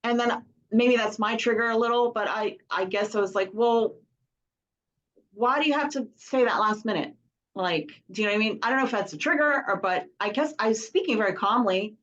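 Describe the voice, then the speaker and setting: A woman's voice: a little high, a little fast, a bit bright. A middle-aged woman telling a story in casual chat on a video call, rambling, with many fillers and restarts. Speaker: songwriting circle member. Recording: slightly dull video call audio.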